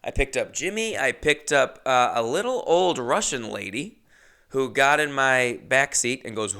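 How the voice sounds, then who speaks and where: Young male comic host, chatty and animated, crisp gravelly voice. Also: mid-range voice, unhurried. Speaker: comedian host. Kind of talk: comedic storytelling monologue.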